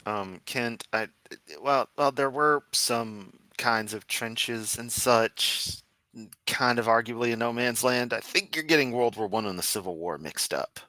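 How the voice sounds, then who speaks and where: A man giving sarcastic, profane reaction commentary on a video he is watching, with deadpan asides. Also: mid-range voice, a little slow, no room sound.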